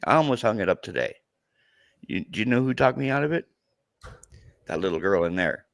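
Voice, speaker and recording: A man in his thirties talking in a halting, emotional way in a podcast conversation, near tears and repeating himself. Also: fairly low pitch, expressive, gravelly, no room sound. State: tearful. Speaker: true crime content creator.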